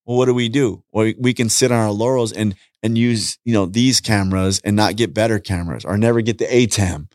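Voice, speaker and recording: Animated man telling stories on a podcast. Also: lowish voice, a little fast, hardly any pauses, dry recording, studio quality. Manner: animated storyteller, acts out dialogue, repeats points. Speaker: podcast guest, street preacher. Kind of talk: casual podcast conversation. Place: podcast studio.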